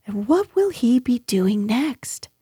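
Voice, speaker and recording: A woman's voice: a little high, big pitch swings, slow, dark tone, husky, dry recording, studio quality, full character voice. A woman voicing a motherly female kangaroo in a storybook reading, soothing but firm.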